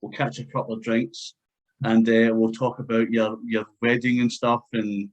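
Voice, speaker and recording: A man's voice: mid-range voice, flat delivery, moderate pace, muffled recording. A man hosting a casual interview over a video call, chatty and laughing often. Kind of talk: casual chat.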